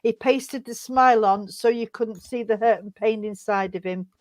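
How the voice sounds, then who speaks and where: A woman gives a spiritualist reading in a gentle, emotional way, often calling her sitter sweetheart. Her voice sits a little high, and the sound is dry and close with almost no room echo. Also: normal speed. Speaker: spiritualist medium. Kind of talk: psychic reading, addressing a sitter.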